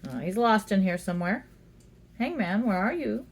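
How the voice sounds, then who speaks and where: Gravelly-voiced woman reading tarot. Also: mid-range voice, animated, moderate pace. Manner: chatty and giggly, talks fondly to the cards. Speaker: tarot reader. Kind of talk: casual tarot reading chat. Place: indoors at home.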